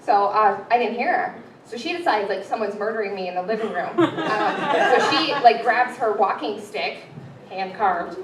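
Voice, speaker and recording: Chatty young woman doing stand-up on a roomy stage. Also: a little high. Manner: chatty, self-deprecating, many ums. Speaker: stand-up comedian. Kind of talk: stand-up comedy set. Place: improv theater stage with live audience. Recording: roomy, from far off, crowd and noise.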